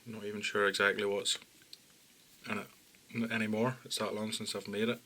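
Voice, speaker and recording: A man calmly talking through fly-tying steps as an instructor, often dropping low and quiet. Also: brisk, a little hiss or hum. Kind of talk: step-by-step tutorial narration.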